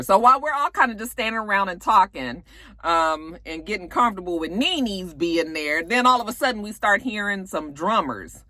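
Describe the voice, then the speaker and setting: A woman's voice: fairly low pitch, a bit bright, dry recording. A woman recapping a reality show in casual chat, sassy and profane, acting out quotes. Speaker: TV recap vlogger.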